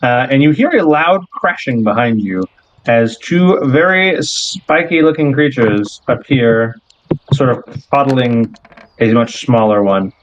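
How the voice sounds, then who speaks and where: A man's voice: medium pitch, a little slow, low-quality recording. Laid-back male game master narrating. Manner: relaxed storytelling with fillers.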